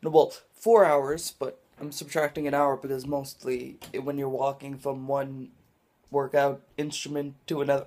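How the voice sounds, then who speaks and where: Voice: medium pitch, level tone, moderate pace. Tired, rambling young vlogger. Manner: rambling and scatterbrained, jumps from loud outbursts to mumbled asides. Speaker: gaming vlogger. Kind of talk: casual rambling vlog to camera. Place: dim room at home.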